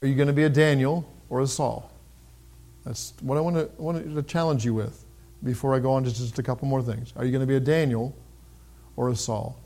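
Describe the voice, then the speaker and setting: A middle-aged man preaching a sermon in a conversational way, with pauses and restarts, who raises his voice when he reads scripture. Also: mid-range voice, steady tone, mellow. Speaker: pastor.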